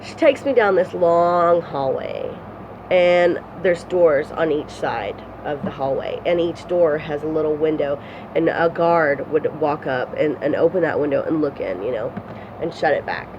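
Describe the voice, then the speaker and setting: A woman telling a personal story to her phone camera, rambling and candid, with many fillers, restarts and swearing. Her pitch climbs high when she relives distress. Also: expressive, a little slow, dull audio, noisy background. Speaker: vlogger.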